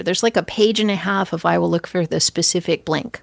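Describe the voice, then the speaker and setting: A woman with a slightly low, fry-edged voice comments casually on what she reads. Her tone stays wry and amused. The sound is dry and close, with no room around it. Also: lively intonation, brisk, no echo. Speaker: commentator reading out a chatbot's output.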